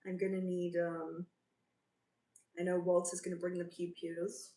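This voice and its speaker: A woman's voice: lowish voice, little pitch movement, a little slow, dark tone. A woman from South Africa hosting a casual livestream, chatting and reading out and answering viewer comments. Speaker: livestream host. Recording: roomy, from a distance.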